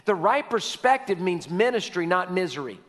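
A man's voice: high voice, very animated, normal speed, a bit bright, in a large hall. A male pastor preaching a sermon, telling stories and repeating key lines for emphasis.

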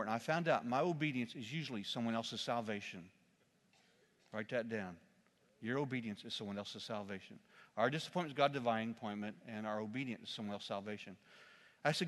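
A man preaching a sermon as an animated storyteller, jumping from loud exclamations to quiet, solemn asides. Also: mid-range voice, moderate pace, in a large hall.

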